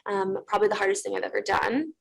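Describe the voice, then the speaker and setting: Twenties woman rambling thru her story on a tv interview, creaky gravelly voice, lots of likes. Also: mid-range voice, fast talker, rough recording. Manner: earnest, rambling with many fillers. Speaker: interview guest.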